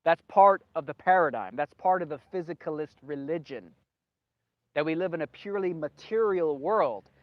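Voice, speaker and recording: A man's voice: on the high side, normal speed, dry recording. A man hosting a solo video monologue, rambling, repeating himself emphatically and losing his train of thought. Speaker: video host. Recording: dull lo-fi, dry sound.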